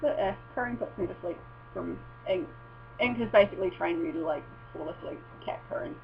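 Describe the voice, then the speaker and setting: A woman's voice: on the low side, brisk, creaky. A woman chatting casually at home as a vlogger, rambling and swearing, often breaking off mid-sentence. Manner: rambling, sweary and self-interrupting. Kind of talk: casual chat. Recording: dull lo-fi recording with mains hum.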